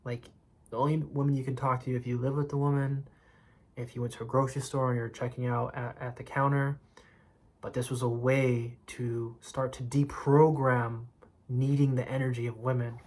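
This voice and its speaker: Slow reflective man telling his story. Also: mid-range voice, level tone, darkish tone. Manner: slow, reflective, drops to a whisper for quoted moments. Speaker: vlogger sharing a personal story. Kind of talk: confessional storytelling.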